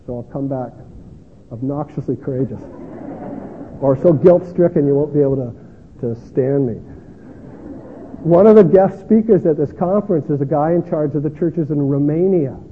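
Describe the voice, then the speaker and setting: In a hall with a long echo, a man preaches as a pastor, earnest and self-deprecating, repeatedly restarting his words. His high-leaning voice moves at a moderate pace with frequent pauses. The tinny lo-fi recording carries a little hiss or hum.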